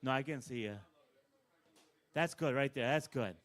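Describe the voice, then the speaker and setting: A man doing live stand-up at an open mic, bossing an audience volunteer around with playful, deadpan asides. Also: mid-range voice, moderate pace. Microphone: handheld stage mic.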